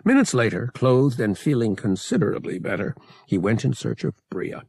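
A man reading a novel aloud as an audiobook narrator, measured and expressive. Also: medium pitch, vocal fry, husky, no echo, studio quality.

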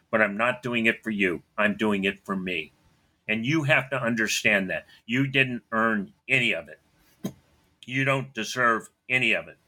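A middle-aged man tells a personal story in a bright, forceful voice. He speaks bluntly and keeps clearing his throat between phrases. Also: lowish voice.

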